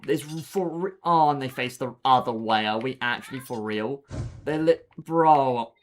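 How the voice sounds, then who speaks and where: A young man livestreams a game, speaking in a mid-range voice at an unhurried pace. He jokes, brags and casually answers his viewers' chat. Background noise is clearly audible.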